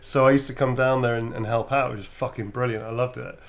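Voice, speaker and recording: A man's voice: medium pitch, fairly even intonation, fast, creaky. A middle-aged British man chatting casually during a livestream autograph signing, laughing often and swearing freely as he tells stories. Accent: British English. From Britain.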